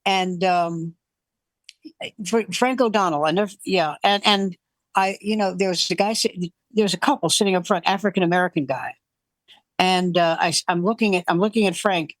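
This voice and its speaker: A man in his seventies or older, a veteran comedian telling animated club stories and acting out the voices in them. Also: high-pitched, moderate pace, no room sound. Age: 70s or older. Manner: animated storyteller who acts out quoted voices. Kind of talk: casual anecdote telling.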